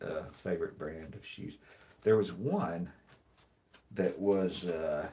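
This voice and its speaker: A man hosting a live stream, reading jokes aloud in a dry, deadpan way and rambling with many restarts and apologies. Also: low-pitched, takes it slowly, long pauses. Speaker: livestream host. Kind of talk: casual livestream chat, reading jokes aloud.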